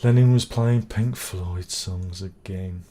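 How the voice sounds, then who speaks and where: This channel host is a middle-aged man with a deep, mellow voice who takes things slowly. On his live stream he reads out viewer comments and responds with meandering, exclamatory talk sprinkled with swearing.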